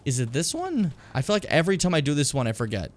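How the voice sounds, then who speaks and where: Animated man rambling over gameplay. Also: fairly high pitch, fast talker. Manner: animated, rambling, chatty with fillers. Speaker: streamer. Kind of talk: casual gameplay commentary.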